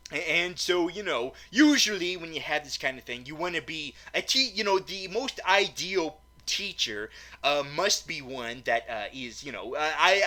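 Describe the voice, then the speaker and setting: Guy w a high tense voice ranting about a movie, stammers a lot, swears. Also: pushed and bright. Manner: stammering, repeats words, many fillers; profane and exasperated. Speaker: movie reviewer. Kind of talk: rambling comedic movie rant.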